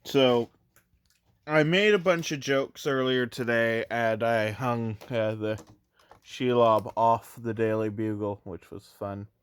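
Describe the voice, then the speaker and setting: A man's voice: medium pitch, slow pace, clean tone. A young man, hesitant and rambling with lots of fillers, sounding tired as he records a casual review late at night. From Canada. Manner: hesitant, rambling, self-deprecating, many fillers. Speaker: toy reviewer.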